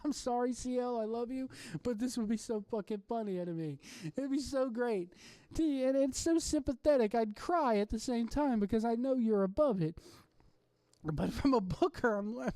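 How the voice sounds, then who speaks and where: This podcast host rants in a loose, rambling monologue from home late at night, getting excitable and swearing freely along the way. The voice is mellow and dark in tone. It sits close and dry, with no room around it. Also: mid-range voice, normal speed, dry recording. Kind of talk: casual ranting monologue.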